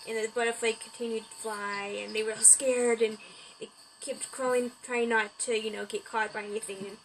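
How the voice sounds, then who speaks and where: A woman's voice: on the high side, slight background noise, low-quality recording. A woman improvising a story about caterpillars, rambling along with restarts and "he's like" quotes.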